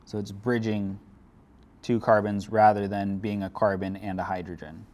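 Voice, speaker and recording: A man's voice: lowish voice, little pitch movement, moderate pace, darkish tone. A man teaching a chemistry lecture, explaining step by step in a casual way with dry sarcasm. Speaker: chemistry instructor. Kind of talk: classroom lecture.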